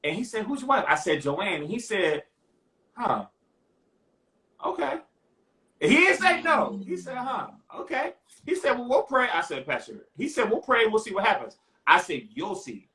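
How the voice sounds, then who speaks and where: Expressive man telling a story, echoey room. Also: sits high, normal speed. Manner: expressive, mimics voices in stories. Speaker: guest. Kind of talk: casual testimony chat.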